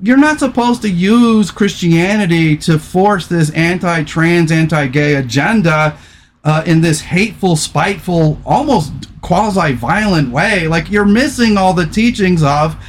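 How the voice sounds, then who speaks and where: A man hosting a podcast in casual chat, animated and swearing freely, laughing often. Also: sits high, unhurried, slight background noise. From California. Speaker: podcast host.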